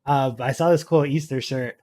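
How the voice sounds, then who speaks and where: A man's voice: mid-range voice, fairly even intonation, moderate pace, darkish tone. A young man with a mid-range voice chats casually as a podcast co-host. He giggles often and laughs his way through his lines. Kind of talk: casual chat.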